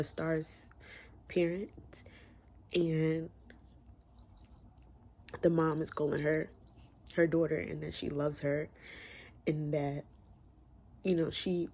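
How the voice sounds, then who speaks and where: Man reviewing a book at home, mellow gravelly voice, chatty and open with his feelings. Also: a little high. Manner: chatty, emotional, candid, with slang. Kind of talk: casual book review chat. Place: room at home with window open.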